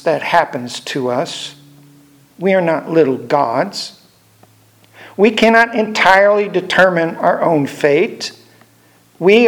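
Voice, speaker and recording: An older man preaching a sermon in a measured way, repeating phrases for emphasis. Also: high-pitched.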